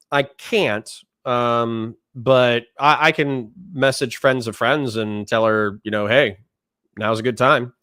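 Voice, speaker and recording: A man's voice: mid-range voice, fairly even intonation, slow, a bit bright, no echo, clean studio sound. A man hosting a livestream, reacting sarcastically with rhetorical questions and reading chat messages aloud. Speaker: streamer host.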